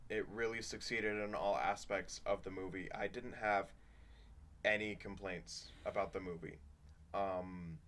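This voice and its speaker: A young man with a somewhat low voice co-hosts a casual film review podcast. He talks in a laid-back way and often chimes in with short agreeing sounds. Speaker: podcast co-host.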